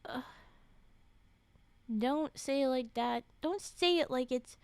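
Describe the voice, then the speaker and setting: A woman streamer reading a story aloud on stream, breaking in with animated, indignant asides. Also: sits high, takes it slowly, gravelly, pauses often, clear, resonant tone, no room sound.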